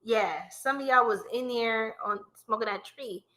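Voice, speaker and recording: A woman gives a live tarot reading to her viewers. Her voice is bright and a little high, and she keeps things chatty and playful, laughing often. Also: a little slow. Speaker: tarot reader.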